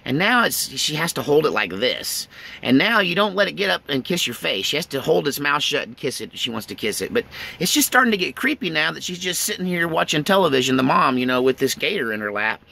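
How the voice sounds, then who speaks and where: A man's voice: fairly high pitch, sing-song, fast talker, creaky, pushed and bright. A man from East Texas telling a rambling story in a casual way, chuckling between lines.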